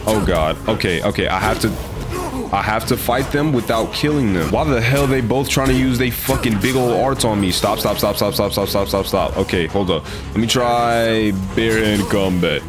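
Excitable young man doing gameplay commentary. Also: on the low side, normal speed, music in the background. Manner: excitable, joking, profane, trash-talking. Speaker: gaming video host.

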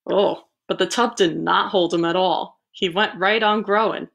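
Animated woman reading a storybook aloud. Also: mid-range voice, normal speed, vocal fry. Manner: animated, playful asides. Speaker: children's librarian.

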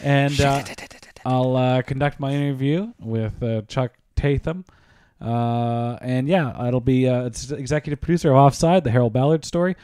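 A man hosting a casual hockey podcast, relaxed and hesitant with fillers, putting quick prompts to his co-host. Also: mid-range voice, clean tone, dry recording, studio quality. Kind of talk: casual podcast banter, running a segment.

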